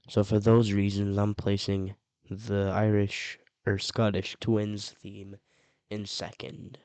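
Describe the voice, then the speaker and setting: Guy rambling slowly thru a casual ranking video, lowish voice, dry close mic. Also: darkish tone, dry recording. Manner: rambling, with frequent restarts and self-corrections. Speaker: video creator ranking show themes. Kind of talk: casual commentary.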